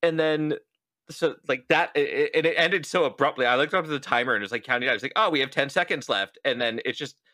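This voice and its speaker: A young adult man hosts a casual podcast chat and tells his story with lively energy. He acts out every quoted line. His voice is bright and forward, and it is recorded close and dry. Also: mid-range voice, fast, no echo. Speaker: podcast host.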